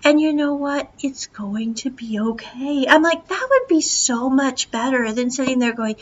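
A woman's voice: high voice, a little slow, few pauses, slight background noise. Chatty woman retelling a show, lo-fi sound. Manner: chatty and animated, acts out the dialogue. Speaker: podcast host reviewing a TV episode. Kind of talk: casual spoken review, retelling the plot.

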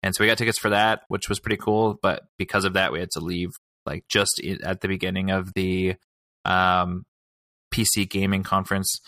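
A man's voice: low-pitched, little pitch movement, moderate pace, pushed and bright, no room sound. A man co-hosting a gaming podcast in casual chat, rambling with many fillers and restarts. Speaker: podcast co-host.

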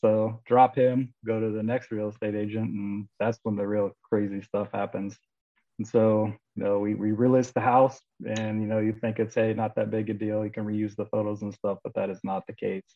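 A man's voice: lowish voice, little pitch movement, a little fast, highs cut off. A man in his thirties from Florida, a guest author telling a story casually and animatedly, acting out the voices of the people in it, with many fillers. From Florida, USA.

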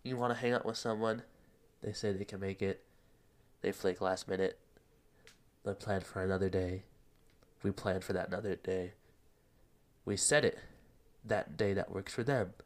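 A man's voice: sits low, steady tone, moderate pace, long pauses. A young man hosting a solo podcast, rambling in casual slang, laughing at himself and a bit out of breath. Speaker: podcast host.

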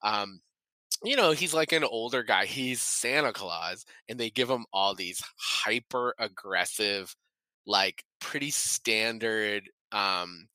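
A man co-hosting a casual comedy podcast, rambling and animated, with lots of fillers and swearing. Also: on the low side, takes it slowly, no echo, rough recording. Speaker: podcast co-host.

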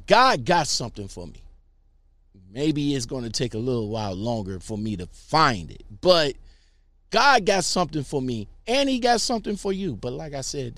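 Slow-talking man reacting to comments. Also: on the high side, no echo. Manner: rambling, repeats words, emphatic. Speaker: YouTuber reading viewer comments. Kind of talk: casual commentary.

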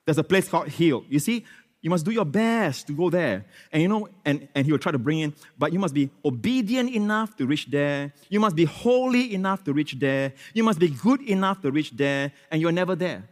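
A man preaching a sermon in church as pastor, switching between loud, emphatic exclamations and hushed, prayerful phrases, with many repetitions and hallelujahs. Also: fairly high pitch, lively intonation, a little fast, in a large hall. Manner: repeats phrases, frequent hallelujahs and amens.

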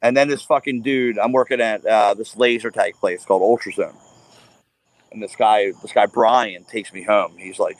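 Profane, animated man telling stories. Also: fairly low pitch, moderate pace. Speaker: podcast guest. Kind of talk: casual chat.

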